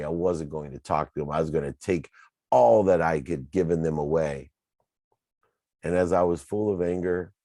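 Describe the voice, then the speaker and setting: A man's voice: rumbling low, a little mellow, dry recording. A man telling his own life story in an earnest, emphatic motivational talk, building his points through repeated lists. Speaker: speaker sharing his personal story.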